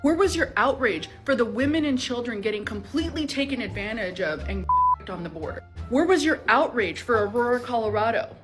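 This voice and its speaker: A woman's voice: a little high, wildly swooping pitch, a little fast, loud music behind the voice. Indignant woman with rhetorical questions. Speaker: commentator. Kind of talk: reaction commentary.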